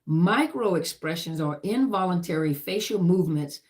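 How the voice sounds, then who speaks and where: A woman's voice: fairly low pitch, expressive, normal speed, a little mellow. A middle-aged woman who served in the army, teaching about trauma in an emphatic, repetitive lecture style full of lists and "you know".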